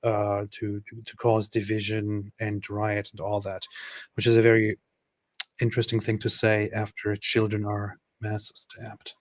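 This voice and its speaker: A man's voice: on the low side, monotone, unhurried, no echo. A man co-hosting a live stream, reading viewer comments aloud and laughing at them in casual chat.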